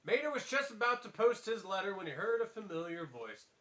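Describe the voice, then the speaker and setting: Playful male vlogger reading aloud, high bright voice, very animated delivery. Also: fairly quick. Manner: playful, animated, jokey asides. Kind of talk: casual storybook reading.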